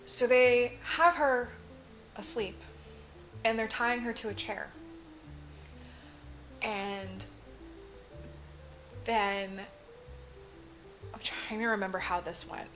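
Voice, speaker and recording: A woman's voice: on the high side, fairly even intonation, takes it slowly, pauses often, fairly bright tone, faint music behind. A woman co-hosting a podcast, retelling a movie plot in a chatty, casual way with lots of "like". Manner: chatty storytelling, heavy use of "like". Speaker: podcast co-host. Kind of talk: casual movie recap chat.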